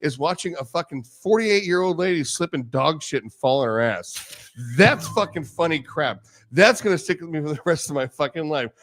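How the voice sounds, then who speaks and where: A man's voice: fairly high pitch, animated, normal speed. Man, podcast host, casual chat, swears constantly, laughs while telling stories. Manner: profane, loud storytelling with frequent laughter.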